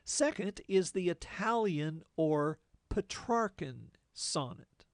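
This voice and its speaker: Slow, gravelly male teacher. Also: high voice, expressive, no echo, clean studio sound. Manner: deliberate, plain-spoken, with folksy asides. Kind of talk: lecture explaining poetic form.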